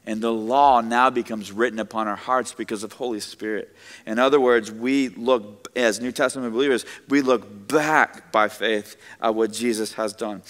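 A man's voice: medium pitch, long reverb tail. A male pastor preaching a sermon to his congregation in a church, in a conversational style with joking asides. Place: church sanctuary with audience.

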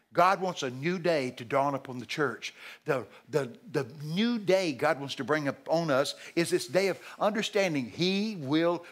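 A man preaching a sermon at a church service, animated and jokey, breaking into shouted acted-out lines. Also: a little high. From Texas.

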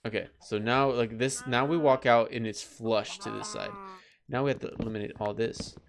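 A man commentating on his own survival game, chatty and easily startled, jumping into high yelps when danger shows up. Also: moderate pace, creaky, crowd noise. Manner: chatty, excitable, breaks into high-pitched yelps. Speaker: gameplay let's player. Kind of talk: casual gameplay commentary.

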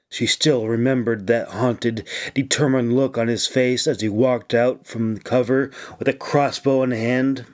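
A man narrating an audiobook in a measured, unhurried way. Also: mid-range voice. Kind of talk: scripted narration.

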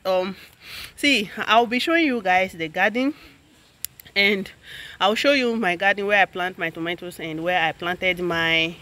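A woman with a Nigerian accent talks in a loose, friendly vlog manner, and she laughs easily as she goes. She sits at a middle pitch for a woman. She is recorded outdoors on a camera mic, and faint background noise runs under her voice. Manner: chatty, laughs often, shouts at her child. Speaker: vlogger. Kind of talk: casual vlog chat. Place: outdoors at her home compound and garden.

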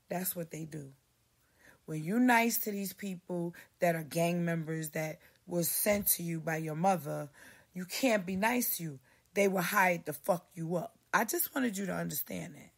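A woman's voice: fairly low pitch, vocal fry. A woman hosting a podcast, ranting in a rambling, profane monologue and mimicking other people in a raised voice. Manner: heavy cursing, animated, mimics others in raised voice. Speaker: podcast host.

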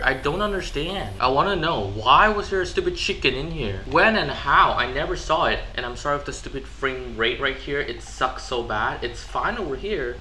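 A man giving live gameplay commentary, excitable and easily frustrated, with sudden yelps and outbursts. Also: medium pitch, a little hiss or hum. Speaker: gaming YouTuber.

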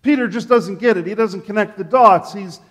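A man pastor preaches in an animated storytelling style, acting out each quote as he goes. His voice sits high for a man. A long reverb from the church sanctuary follows every phrase. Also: normal speed. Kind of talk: sermon.

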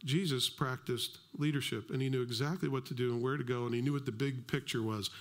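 A middle-aged male pastor giving a sermon, telling stories with lively acted-out dialogue. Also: medium pitch, fast talker. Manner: animated storytelling, acts out dialogue.

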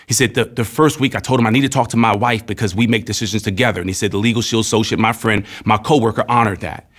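A man's voice: fairly low pitch, steady tone, quick pace, a bit bright. Man telling a personal story, earnest and direct. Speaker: company spokesman. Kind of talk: promotional testimonial talk.

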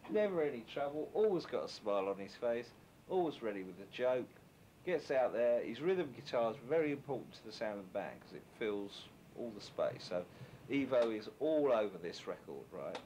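A man's voice: medium pitch, slight background noise. A man, a record producer, bantering for the camera in a recording studio in a crude, mocking, profane way. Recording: music playing in the background.

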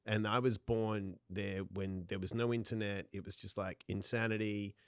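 A man from Australia whose accent mixes Australian and New York sounds, telling stories as a podcast guest in a casual, animated way. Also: on the low side, moderate pace, clean tone, no echo, clean studio sound. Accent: Australian with New York influence. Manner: animated storyteller, swears casually. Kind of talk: casual chat.

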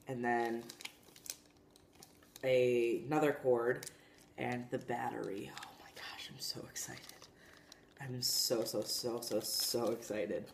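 A woman's voice: a bass voice, noisy background. Giddy, chatty young woman vlogging. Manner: giddy, chatty, gushing with excitement. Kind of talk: casual vlog. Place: home, indoors.

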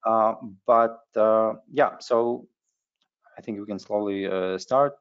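Guy running a webinar, kinda low voice, lots of uhs, muffled lo-fi sound. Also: clear, resonant tone. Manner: halting, frequent hesitations. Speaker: webinar host. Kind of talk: webinar presentation. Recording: dull lo-fi webinar audio.

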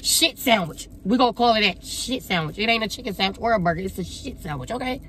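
A woman's voice: medium pitch, lively intonation, quick pace, fairly bright tone, a little hiss or hum. A young woman pranking her partner on camera, teasing and sing-song in casual banter. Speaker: prank vlogger.

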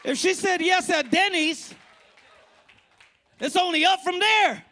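A man preaching a lively sermon as pastor at a church service, often shouting and using casual slang. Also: very high-pitched, slow, a faint crowd. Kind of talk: energetic sermon.

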